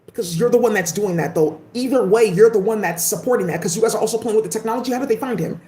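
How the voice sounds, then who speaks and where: A woman's voice: medium pitch, fast, mellow. A woman vlogger giving a casual, emphatic rant full of profanity. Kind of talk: casual ranting commentary. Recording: echoey room.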